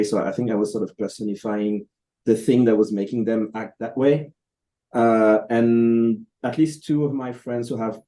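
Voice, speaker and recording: A man, a comic book creator, answering interview questions over a video call in a thoughtful, halting way with many fillers and restarts. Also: fairly low pitch, mellow.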